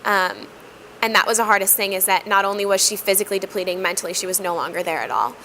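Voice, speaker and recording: A woman sharing a personal testimony in an earnest, reflective way, with frequent pauses and fillers. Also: mid-range voice, sharp tone, a little hiss or hum, low-quality recording. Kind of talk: heartfelt personal storytelling.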